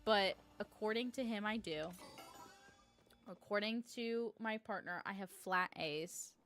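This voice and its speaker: A woman's voice: medium pitch, a little slow, fairly bright tone, soft background music. A woman from New York chatting casually with her audience while playing a game live, rambling and peppering her talk with "like". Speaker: streamer.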